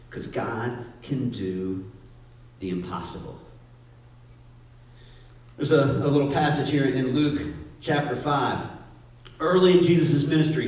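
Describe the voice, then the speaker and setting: A male pastor preaching a sermon in a playful, lively way, often acting out voices. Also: a little high. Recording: echoey hall, distant mic.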